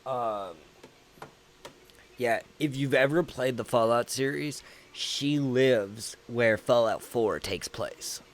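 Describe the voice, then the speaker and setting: A man's voice: medium pitch, slow pace, a little hiss or hum. A man with a Southern US accent, hosting a livestream and chatting casually with his viewers in a rambling, profane, laid-back way. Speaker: livestream host.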